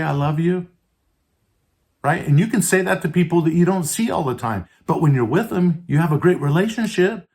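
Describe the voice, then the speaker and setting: A man's voice: a little high, darkish tone. A man hosting a podcast and giving an earnest motivational talk on leadership, asking the listener questions and often adding "right?" and "and so forth". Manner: earnest, stresses words by tone, asks listeners questions; many fillers like "right?" and "and so forth". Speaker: podcast host.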